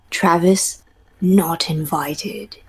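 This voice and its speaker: A woman's voice: lowish voice, animated, extremely slow, a little mellow, slightly rough. A woman on a game stream giving a playful, theatrical mock movie-trailer narration, dropping into whispers and laughing between phrases. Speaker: stream co-host.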